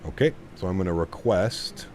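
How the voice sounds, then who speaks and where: A man's voice: sits low, moderate pace, darkish tone, a little hiss or hum. A man streaming a flight simulator, chatting casually with his viewers and cooing at his dog. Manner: chatty, reads chat aloud, coos at his dog. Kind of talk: casual live-stream chat.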